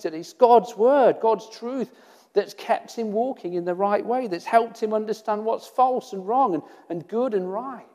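Male preacher, high-pitched and earnest, rhetorical questions and repetition, recorded with long reverb. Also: mellow. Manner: earnest, rhetorical questions, repeats phrases for emphasis. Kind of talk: sermon.

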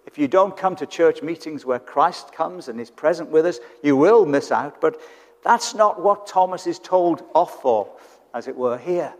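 A man's voice: on the high side, expressive, normal speed. A British man preaching a sermon in church, conversational and fond of rhetorical tag questions. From Britain. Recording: church hall with long reverb.

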